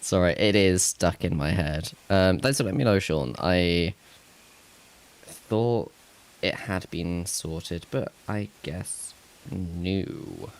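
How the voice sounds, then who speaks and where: On a casual live stream, a man with a very deep, gravelly, creaky voice talks slowly, muttering to himself as he works through tech trouble. He chuckles at his own remarks, poking fun at himself.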